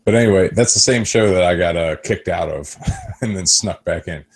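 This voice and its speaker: A man's voice: low-pitched, moderate pace, slightly rough. A man in his thirties telling rambling stories on a podcast, swearing freely. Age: 30s. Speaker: podcast host. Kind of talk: casual chat.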